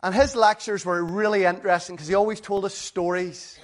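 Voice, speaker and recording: A man delivers a sermon in a fairly high-pitched voice. His preaching is earnest and conversational, and he keeps putting rhetorical questions to his listeners. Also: fairly even intonation, brisk.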